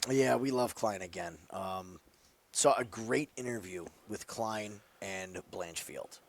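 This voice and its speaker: A man talking casually as a sports betting analyst, telling scenarios with animated rises and then dropping low at the ends of lines. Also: slow, slight background noise. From New Jersey. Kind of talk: casual podcast chat.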